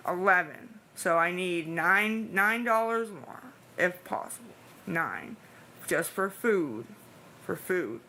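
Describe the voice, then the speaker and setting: Tired woman livestreaming, anxious and pleading, bright, tense tone, rambling casual chat. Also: fairly low pitch, expressive, takes it slowly, slight background noise. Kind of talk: casual live-stream chat.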